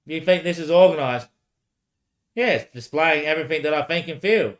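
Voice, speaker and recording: A man's voice: a little high, moderate pace. Man rambling to himself on a stream. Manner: rambling, answers himself back and forth, frequent "mate" and laughs. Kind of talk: rambling solo livestream talk.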